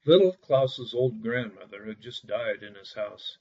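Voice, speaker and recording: A man narrating a bedtime fairy tale in a lively reading, putting on voices for the characters, on a dull lo-fi recording. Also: medium pitch, unhurried, slightly rough. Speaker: storyteller.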